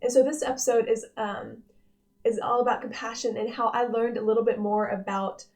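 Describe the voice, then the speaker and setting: A young woman with a fairly high voice talks through a personal devotional. She is earnest and gentle, pausing to reflect and often restarting her sentences as she thinks aloud. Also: fairly even intonation. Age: young adult. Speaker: devotional vlog host, nursing student.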